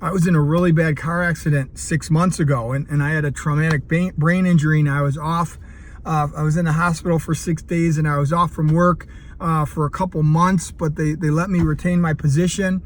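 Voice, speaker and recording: A man in his fifties voicing a young male coworker who talks in an excited, rambling way. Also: a little high, fairly quick, slight background noise, close to an everyday voice. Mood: subdued.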